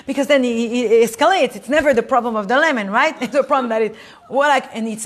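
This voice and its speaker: A woman teaching a lively class to a live audience, who acts out quoted spouses in higher voices and laughs often. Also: quick pace.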